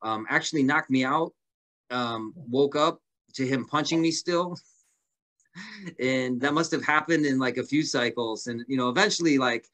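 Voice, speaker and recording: A man's voice: mid-range voice, moderate pace, fairly bright tone. A man as a podcast guest, telling long stories casually with many fillers and restarts. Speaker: guest fighter.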